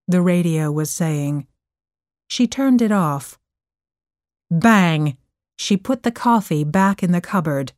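A woman narrating a storybook chapter in a careful, expressive reading voice. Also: lowish voice, slow, pauses often, no room sound, clean studio sound.

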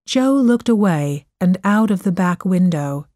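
A woman narrating an audiobook story in a clear, measured voice. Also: on the low side, expressive, warm tone, no room sound, studio quality.

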